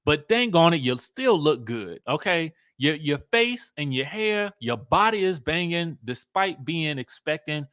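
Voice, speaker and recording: A young man, hosting a casual live stream in a sassy, playful, animated way, repeating words for effect. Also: fairly high pitch, unhurried, hardly any pauses, clear, resonant tone, dry recording, clean studio sound. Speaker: host.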